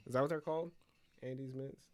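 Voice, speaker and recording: A man's voice: medium pitch, steady tone, a little fast, soft background music. A young man co-hosting a podcast in casual chat, rambling and jokey, often correcting himself mid-sentence. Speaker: podcast co-host.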